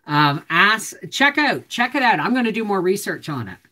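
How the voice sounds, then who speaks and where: Lively, chatty woman streamer. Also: medium pitch, normal speed. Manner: chatty, reads and answers viewer comments, teasing. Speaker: homestead channel host. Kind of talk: live-stream chat with viewers.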